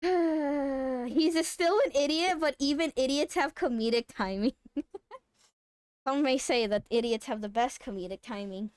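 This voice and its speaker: A woman streamer telling a story in casual live-stream chat, animated and swearing freely. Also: high-pitched, unhurried, clean tone, no echo, studio quality.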